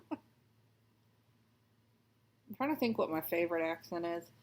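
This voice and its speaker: A woman's voice: fairly low pitch, expressive, a little slow, darkish tone. A woman in her thirties, raised in Texas, chatting in a rambling, self-deprecating way while she stitches. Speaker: stitching vlogger. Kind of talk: casual chat while stitching.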